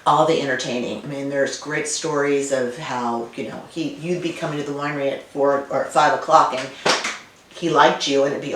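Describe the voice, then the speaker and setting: A woman winemaker being interviewed, telling stories and remembering in a warm, conversational way. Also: sits low, fairly even intonation, moderate pace. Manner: warm storytelling, reminiscent. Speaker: winemaker guest. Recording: roomy, distant, faint noise.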